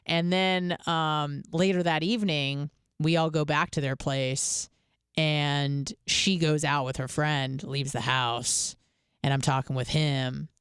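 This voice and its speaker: A woman's voice: low-pitched, fairly even intonation, takes it slowly, smooth, dry recording, studio quality. A woman hosting a radio show, telling a candid, rambling story full of fillers and casual swearing. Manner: chatty and candid, heavy on fillers, swears freely.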